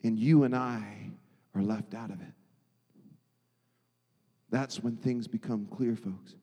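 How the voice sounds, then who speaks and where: A man preaching a sermon as pastor, emphatic, swinging from loud declarations to hushed, quiet lines. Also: fairly low pitch, fairly even intonation, takes it slowly, breathy edge, big-room sound.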